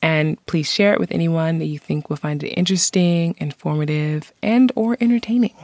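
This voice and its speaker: A woman in her thirties hosting a podcast, reading a scripted segment in a friendly, measured way on a close mic. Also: deep voice, a little mellow, dry recording. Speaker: podcast host.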